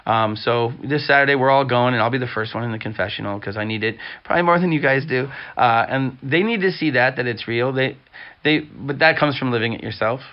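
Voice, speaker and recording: Middle-aged male guest, earnest halting storyteller, mid pitch, muffled recording. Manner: earnest, halting with restarts and fillers. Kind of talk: candid conversational storytelling. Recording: dull muffled sound.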